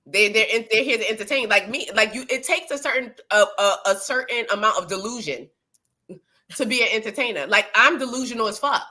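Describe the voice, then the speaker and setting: A woman co-host speaking bluntly, with plenty of profanity and animated emphasis. Her voice is high and bright. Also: brisk. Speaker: podcast co-host. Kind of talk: casual chat.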